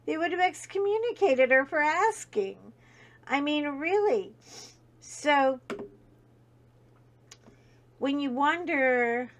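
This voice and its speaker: A woman's voice: high voice, animated, takes it slowly, long pauses. A middle-aged woman, hosting a casual coloring vlog and chatting with her viewers, telling stories with bursts of laughter. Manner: chatty, warm-hearted storyteller with bursts of laughter.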